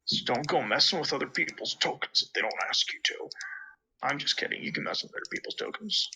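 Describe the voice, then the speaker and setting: A man's voice: a little high, animated, fast, gravelly, sharp tone, slightly rough, low-quality recording. A man narrating as dungeon master, hesitant and full of fillers as he describes the scene. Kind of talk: narrating a tabletop game.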